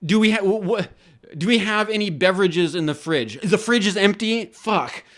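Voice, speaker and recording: A man voicing an irritable adult man who loudly snaps at his housemates, exasperated and swearing. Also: high voice, fairly quick, lightly acted.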